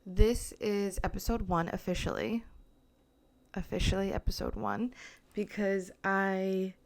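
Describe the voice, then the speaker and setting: A woman's voice: medium pitch, steady tone, a little slow. A young woman hosting her own podcast from a small apartment, chatting nervously and rambling with lots of filler words. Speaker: podcast host. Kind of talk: casual solo podcast chat. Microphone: mic with camera on tripod.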